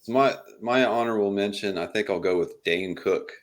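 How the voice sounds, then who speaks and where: A man's voice: fairly low pitch, a little fast, a little hiss or hum. A young man from West Virginia chatting casually about comedians, swearing freely and laughing at his own stories. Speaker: guest. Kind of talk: casual chat.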